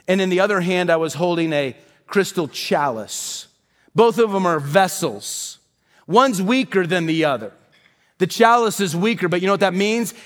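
A man's voice: sits high, animated, normal speed, big-room sound. A man preaching a sermon as pastor, addressing the congregation directly and repeating key phrases for emphasis. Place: worship center.

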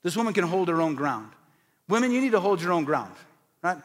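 High-voiced male pastor preaching in a reverberant church. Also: sing-song, brisk. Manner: storytelling preacher, emphatic and conversational. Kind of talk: sermon.

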